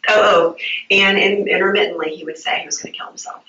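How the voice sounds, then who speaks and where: A woman's voice: medium pitch, steady tone, quick pace, bright, forceful tone, slight background noise. A woman recounting events to a detective in a police interview, hesitant and stumbling, repeating her words. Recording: muffled roomy archive interview tape, distant.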